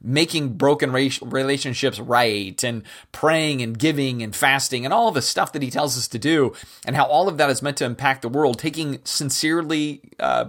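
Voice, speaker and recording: An earnest man hosts a faith podcast in a reflective monologue. His voice sits at an ordinary middle pitch, and he leans on repeated phrases to drive his points home with steady conviction. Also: normal speed. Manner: earnest, emphatic, repetitive phrasing. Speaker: podcast host.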